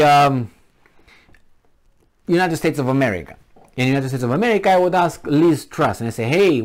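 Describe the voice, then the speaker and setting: A man vlogging in a casual, rambling way, sarcastic and mocking, a little tipsy from wine. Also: medium pitch. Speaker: political vlogger.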